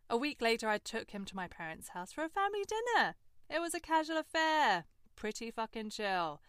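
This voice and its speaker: A woman's voice: mid-range voice, fairly bright tone, clear, resonant tone, no room sound, studio quality. A young woman hosting a storytelling monologue, candid and sardonic, swearing freely. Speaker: host.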